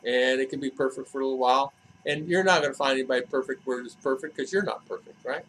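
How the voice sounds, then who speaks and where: A man's voice: medium pitch, quick pace, a bit bright, a little hiss or hum, poor audio. A man vlogging in a casual, rambling monologue, often restarting his sentences and adding asides. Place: living in the Philippines.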